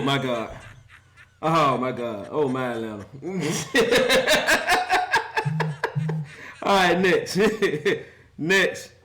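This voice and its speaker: A high-pitched man with a lively, swooping voice rants about football and keeps breaking into laughter. His tone is bright and sharp, and a faint hiss runs under the recording. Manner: laughs often, mocking and animated. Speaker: football commentary vlogger. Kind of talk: casual sports rant.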